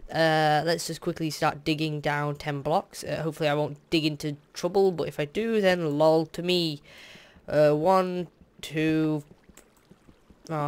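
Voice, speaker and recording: Rambling guy with a smooth voice. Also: fairly high pitch. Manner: rambling and hesitant, full of fillers, candid asides. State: tired, yawning. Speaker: Let's Play host. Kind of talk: casual gameplay commentary.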